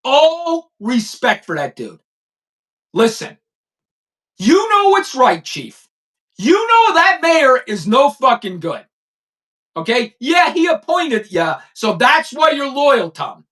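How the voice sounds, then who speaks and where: A man's voice: extremely high pitch, wildly swooping pitch, slow, fairly bright tone. A man in his fifties, a former police chief, hosting a blunt, profane news commentary and repeating lines for emphasis. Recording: voice a bit distant from the mic.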